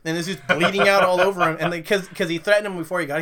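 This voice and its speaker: Man, fast talker, bright and forceful voice, excitable, swears a lot, casual podcast chat. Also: high-pitched. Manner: excitable, swears constantly, acts out quotes. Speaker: podcast co-host. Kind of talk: casual profane chat about movies and comics.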